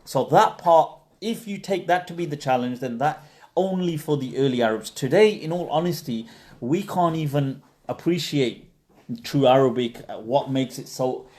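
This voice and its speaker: On a livestream, a man who is an Islamic scholar hosts a live Q&A, explaining at length conversationally with lots of fillers and restarts. His voice is a little high, his pace moderate, his tone darkish.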